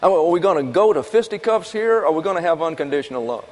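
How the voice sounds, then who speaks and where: A man preaching in a folksy, conversational way, tossing out rhetorical questions and answering them himself. His voice sits a bit higher than most men's. It carries through a hall with a long reverb tail. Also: animated, quick pace, darkish tone. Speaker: pastor. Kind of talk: sermon.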